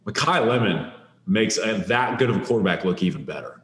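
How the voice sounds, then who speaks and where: A man's voice: on the low side, animated, fairly quick, fairly bright tone, reverberant. A man co-hosting a sports podcast, talking up players emphatically, with frequent restarts. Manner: emphatic, enthusiastic, hedging restarts. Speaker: recruiting analyst co-host. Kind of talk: casual sports podcast chat.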